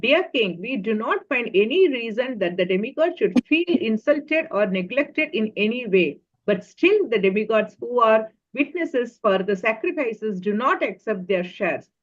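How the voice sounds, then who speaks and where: A woman reading a scripture translation aloud in an online class, quick and plain. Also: fairly high pitch, expressive. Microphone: video call. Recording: dull video call audio.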